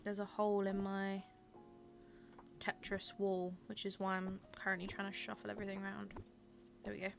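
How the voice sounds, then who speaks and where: A woman's voice: mid-range voice, completely flat delivery, moderate pace, vocal fry, pauses often, faint music behind. A young woman chatting casually with her viewers while she plays and streams a game, gushing over small things.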